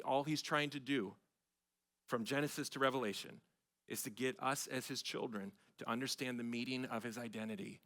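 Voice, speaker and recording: A middle-aged man, a pastor, preaching a sermon with emphatic swells of loudness on key phrases. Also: mid-range voice. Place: church sanctuary.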